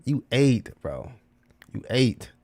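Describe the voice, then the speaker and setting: A man's voice: mid-range voice, very animated, takes it slowly, darkish tone. A man talking casually to his livestream chat, full of slang, repeating himself and calling listeners bro. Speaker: crypto livestreamer.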